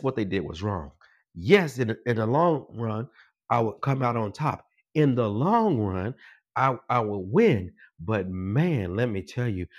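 A man preaching a sermon. He repeats his phrases and climbs higher and louder as he drives a point home. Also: husky. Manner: builds in pitch and volume, repeats phrases for emphasis.

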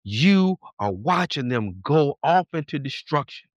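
A man preaching a sermon with fervent emphasis, sometimes rushing and sometimes drawing his words out slowly. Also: medium pitch, animated, dry recording, studio quality. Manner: fervent, emphatic, shifts between fast bursts and slow drawn-out lines.

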